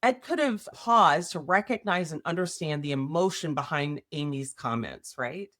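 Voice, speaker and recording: A woman's voice: deep voice, lively intonation, moderate pace, a bit bright. A woman hosting a podcast, explaining ideas casually with workplace examples and often checking in with "right?". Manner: conversational, tags points with "right?". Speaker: podcast host.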